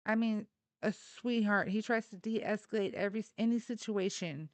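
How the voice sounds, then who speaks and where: A woman's voice: mid-range voice, normal speed, dry recording. A woman hosting a casual livestream, chatting in a rambling way and addressing her viewers directly. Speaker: livestream host.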